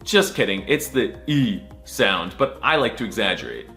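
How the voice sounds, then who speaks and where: A man jokes his way through a scripted voice-over, goofy, crude and full of mock outrage. His pitch swings up and down all over the place while he stretches out repeated sounds. Soft music plays underneath. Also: expressive, moderate pace. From United States. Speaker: comedic language explainer.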